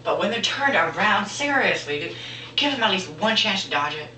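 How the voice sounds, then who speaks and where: In his stand-up monologue, a teenage comedy vlogger rambles and jokes, sometimes launching into loud impressions. He sounds high-pitched and very animated at normal speed, picked up by a distant camera mic with roomy echo and slight background noise.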